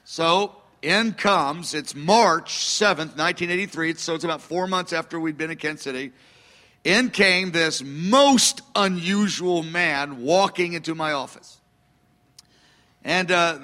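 A man in his fifties preaches through a personal story, relaxed and anecdotal. His voice sits high for a man and has a bright, forward edge. He pokes fun at himself with chuckling asides. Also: measured pace, long reverb tail. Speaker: pastor. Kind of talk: storytelling sermon.

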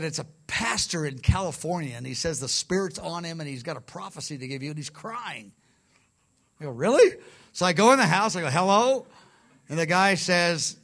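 A man's voice: high-pitched, fairly bright tone. An older male preacher telling a personal story in a sermon, conversational and rambling, correcting himself as he goes.

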